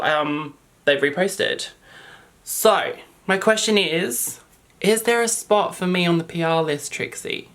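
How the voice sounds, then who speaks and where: A man's voice: a little high, bright, forceful tone. Gushing Australian man, chatty vlogger. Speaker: makeup vlogger. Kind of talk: casual chat to camera.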